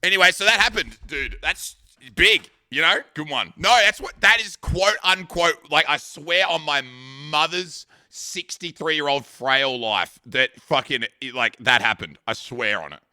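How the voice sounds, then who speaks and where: A man's voice: fairly high pitch, measured pace, pushed and bright, dry recording, clean studio sound. A young Australian man and streamer, rambling and swearing freely in casual, joking chat with friends.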